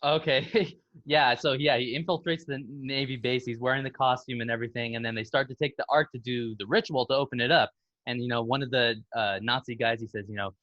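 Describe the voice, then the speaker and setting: A man's voice: mid-range voice, steady tone, fast, pushed and bright, dry recording, lo-fi sound. A man co-hosting a casual film podcast, eagerly retelling movie scenes and acting out their lines. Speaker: podcast co-host.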